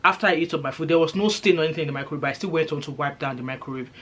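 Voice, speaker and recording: A woman's voice: sits low, racing. Emphatic Nigerian woman ranting to camera. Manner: emphatic, indignant, expressive. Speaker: vlogger. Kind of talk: opinion rant to camera. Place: living in Britain for years.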